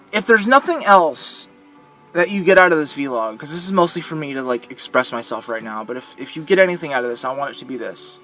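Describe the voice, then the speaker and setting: Earnest male vlogger, high-pitched, rambling monologue. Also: sharp tone. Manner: earnest and rambling, with repeated restarts. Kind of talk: heartfelt personal vlog monologue.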